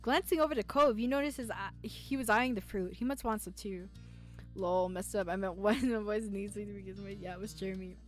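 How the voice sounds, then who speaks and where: A woman streamer with a medium-pitched voice reads a visual novel aloud briskly, playful and giggly, answering back to the characters. Faint game music plays behind her.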